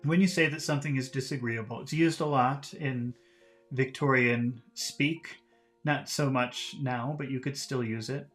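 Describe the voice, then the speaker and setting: A man's voice: medium pitch, steady tone, a little slow, a bit bright, faint music behind. Patient man explaining old English words. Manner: patient, paraphrases words in plain terms. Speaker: English teacher. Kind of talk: reading a novel aloud and explaining vocabulary.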